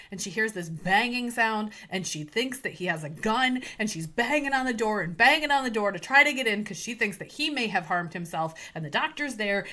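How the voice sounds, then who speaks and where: A woman's voice: mid-range voice, sharp tone. A woman co-hosting a podcast, eagerly retelling film scenes step by step in casual chat. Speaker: podcast co-host.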